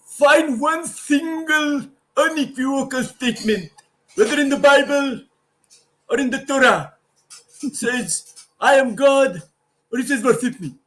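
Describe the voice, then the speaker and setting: A man's voice: measured pace, poor audio. A man with an Indian accent doing an impression of an emphatic, challenging male preacher. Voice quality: high, forceful, declaiming.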